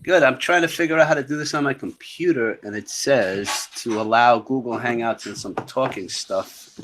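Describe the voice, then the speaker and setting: A puzzled man on a live stream call, talking his way through confusing settings at a mid pitch. Faint noise and clicks sit behind his voice. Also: moderate pace. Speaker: panelist. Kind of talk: casual live-stream chat.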